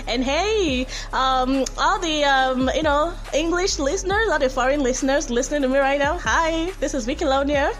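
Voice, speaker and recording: A woman's voice: high-pitched, fairly quick, a bit bright, soft background music. A woman hosting a radio show, chatting in a bubbly, giggly and effusive way. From Nigeria. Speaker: radio host. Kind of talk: casual radio chat.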